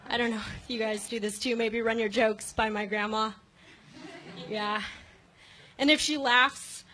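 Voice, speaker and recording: A woman of twenty doing a stand-up set in a comedy club, halting and giggly, full of ums. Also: fairly high pitch, pushed and bright, rough recording. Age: 20s. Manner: halting, filler-heavy, giggly delivery. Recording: faint room noise in a comedy club.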